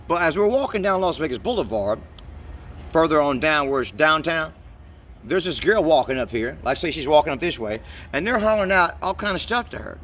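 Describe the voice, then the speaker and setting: A man's voice: fairly high pitch, very animated, fairly quick, fairly bright tone, a little hiss or hum. A man telling a long, meandering story to the camera in a profane, rambling way, often stumbling and repeating words as he searches for what to say. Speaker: vlogger.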